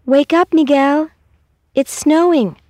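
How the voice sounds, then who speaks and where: A woman voicing an excited young girl calling to her brother in a storybook reading. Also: mid-range voice, normal speed, no echo, clean studio sound, lightly acted.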